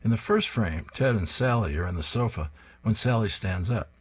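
A man's voice: on the low side, lively intonation, normal speed. A man reading newspaper comic strips aloud, plainly describing each panel and reading the lines.

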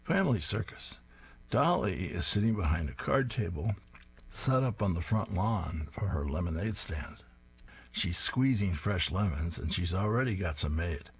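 A man reads comic strips aloud, describing each panel in a steady way with dry amusement. His voice sits low and has a breathy edge.

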